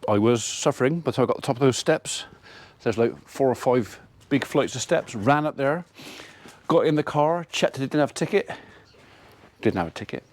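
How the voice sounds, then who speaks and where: Chatty farmer telling a story. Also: male voice, mid-range voice, animated, normal speed, darkish tone. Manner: chatty, rambling anecdote with quoted dialogue. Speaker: farmer vlogger. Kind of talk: casual storytelling to camera.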